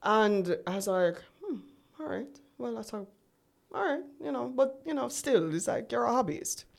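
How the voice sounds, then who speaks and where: On an interview show, a woman entrepreneur in her forties recounts her story in a chatty manner, performing the dialogue she recalls. Her voice runs on the high side with vocal fry, and she's expressive at a normal speed.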